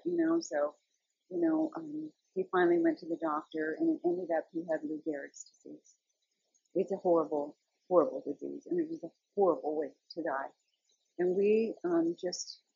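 A middle-aged woman speaks in a slightly low, gravelly and very husky voice. She tells stories in an earnest, conversational devotional talk. The recording is close and dry, with a somewhat dull sound. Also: dry recording. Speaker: Christian speaker.

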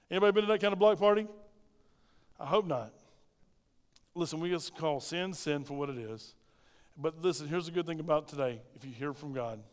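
A man's voice: on the high side, clear, resonant tone. A man preaching a sermon as pastor, emphatic and questioning his congregation. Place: church. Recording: reverberant church hall.

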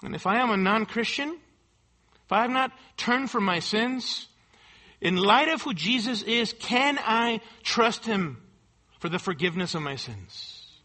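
A man preaching with a high, ringing voice that has a forceful, bright edge. He leans hard on key words and keeps pressing his listeners with repeated questions. The delivery is an emphatic church sermon. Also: animated, unhurried. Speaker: pastor.

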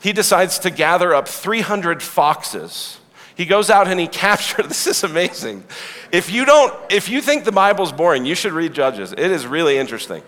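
A man with a slightly high voice preaching a sermon in a large hall, his words trailing off into a long reverb. He tells the story with animated, joking asides to the listeners. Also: normal speed. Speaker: pastor.

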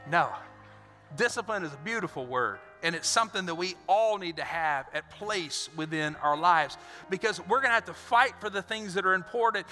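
A pastor preaching with lively energy, his voice fairly high and strikingly bright and sharp. He swings between punchy exhortation and dramatized scenes. The sound carries long reverb in a church hall with soft music beneath. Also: moderate pace. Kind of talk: sermon.

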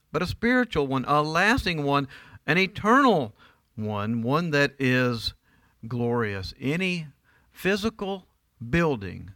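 Middle-aged male pastor, bright and slightly high voice, emphatic sermon delivery, dry sound. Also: no room sound. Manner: emphatic, asks the congregation rhetorical questions. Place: church.

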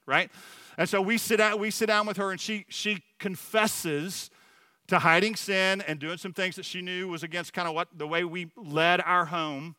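Earnest middle-aged man preaching, bright and clear. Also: sits high, normal speed, no echo. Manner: earnest, personal storytelling with frequent restarts. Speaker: church leader speaking at a Sunday service. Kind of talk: sermon.

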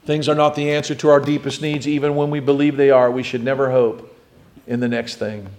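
A middle-aged man preaching a sermon as pastor, swinging between loud emphatic lines and quiet, low ones. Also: level tone, a little fast.

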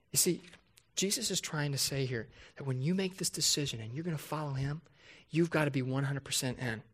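A man preaching a sermon as a pastor, talking conversationally to his congregation, asking rhetorical questions and slowing down to drive key points home. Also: on the high side, fairly bright tone. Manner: emphatic, slows down to stress key points.

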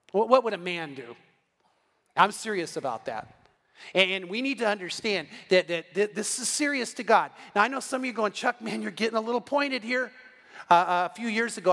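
A man's voice: high voice, fairly bright tone, big-room sound. A man preaching a sermon as pastor, talking conversationally and acting out little quotes.

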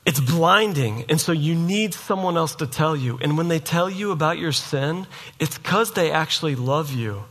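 A man's voice: fairly high pitch, expressive, moderate pace, a bit bright. A man preaching a sermon in a casual, storytelling way, acting out the voices of people in his story. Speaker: pastor.

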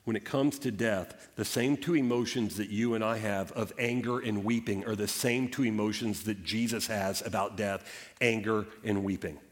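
A male pastor preaching a sermon, retelling scripture with animated storytelling and emphatic rises and drops. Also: on the low side, moderate pace, big-room sound. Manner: animated storytelling preaching, voicing Bible characters.

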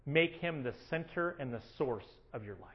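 A man preaching a sermon as a pastor, animated, acting out prayers in a raised voice. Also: mid-range voice, moderate pace, breathy edge, highs cut off. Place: church sanctuary.

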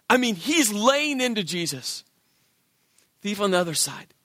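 A male pastor preaching a sermon in an animated way, acting out the voices of biblical characters. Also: high-pitched, a little slow, pauses often, no echo, studio quality.

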